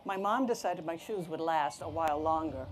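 A woman reading a children's picture book aloud, with expressive narration and asides about the pictures. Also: sits low, moderate pace, slight background noise. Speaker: storybook reader.

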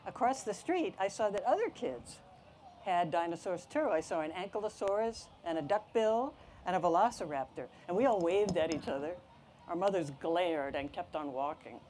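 A woman reading a picture book aloud to children, telling the story in an expressive, animated way. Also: fairly low pitch, normal speed, slight background noise.

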